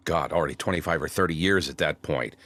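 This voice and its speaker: A middle-aged male voice actor telling stories in a casual interview, snarky and animated. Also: a bass voice, quick pace, no echo. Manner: storytelling, animated. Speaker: voice actor guest.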